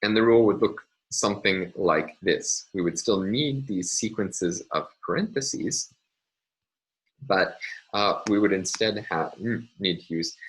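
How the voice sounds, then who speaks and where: A man's voice: deep voice, a little slow, poor audio. A man lecturing on linguistics over slides, careful and self-correcting, with frequent ums and uhs.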